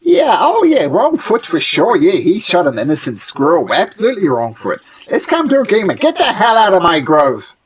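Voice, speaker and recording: A game master voicing an indignant little gnome who guards a forest grove, scolding the players in a high, shrill voice. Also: wildly swooping pitch, normal speed, few pauses, husky.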